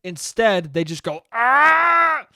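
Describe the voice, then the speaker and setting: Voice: medium pitch, moderate pace, clean tone, no echo. A podcast host in a casual comedic monologue, rambling, swearing freely and laughing at their own jokes on a close mic.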